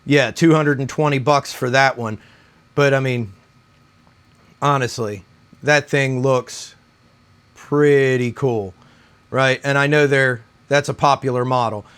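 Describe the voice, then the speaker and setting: A man's voice: medium pitch, steady tone, slow, long pauses, a bit bright, clear, resonant tone. A middle-aged man chatting casually in a guitar vlog, a little out of breath after a run and rambling with lots of "right?". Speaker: guitar review YouTuber.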